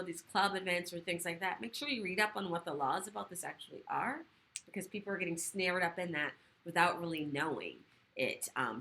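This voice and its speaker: Fast-talking bright woman host. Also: lowish voice. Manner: fast, animated, swears casually. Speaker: sexual health educator, livestream host. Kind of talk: casual livestream chat. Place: home living room.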